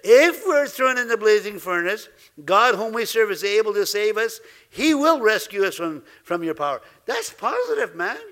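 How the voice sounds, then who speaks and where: A man preaching a sermon as pastor, lively, laughing now and then and acting out the voices he quotes. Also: sits high, moderate pace.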